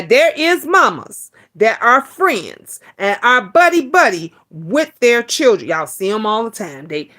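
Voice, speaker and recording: Middle-aged woman, livestream host, blunt and profane, a bit high-pitched, many restarts. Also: a bit bright. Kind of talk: casual livestream chat reading viewer comments.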